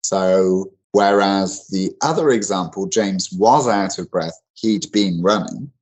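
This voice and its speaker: A man's voice: low-pitched, slow pace, a little mellow, rough recording. A man teaching English grammar in an online lesson, explaining in a loose conversational way with many fillers and restarts.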